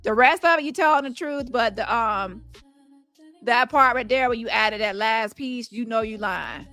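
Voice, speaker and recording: A woman's voice: a little high, moderate pace, bright, forceful tone, soft background music. A woman hosting casual commentary, blunt and profane, reading messages aloud and reacting with laughs. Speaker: commentary host.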